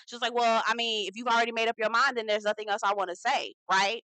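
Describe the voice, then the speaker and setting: A woman hosting a casual reality TV recap, talking in a sassy, profane, animated way and acting out the quotes herself. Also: fairly high pitch, fast, hardly any pauses, no echo, low-quality recording.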